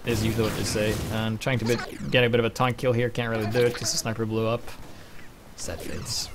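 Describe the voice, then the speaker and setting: A young man giving casual, rambling gameplay commentary, swearing freely and breaking into excited bursts. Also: mid-range voice, slight background noise. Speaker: game commentator.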